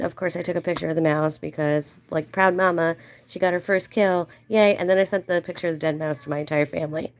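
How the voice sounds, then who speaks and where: A woman hosting a livestream, telling a casual story in a chatty way and acting out quoted voices in a higher, playful tone. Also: fairly even intonation, fast, hardly any pauses. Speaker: livestream host.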